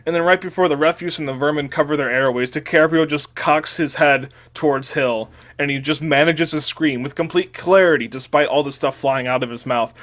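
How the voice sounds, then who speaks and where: A man's voice: on the high side, steady tone, brisk, few pauses, a bit bright. A man, a podcast host, casually reading out a crude comedic fanfiction, rambling and restarting words.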